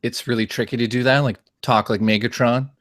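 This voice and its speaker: A man's voice: medium pitch, fairly even intonation, a little fast, no echo, studio quality. A man from the Netherlands, a YouTube guest, chatting casually and joking about doing voice impressions. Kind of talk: casual chat.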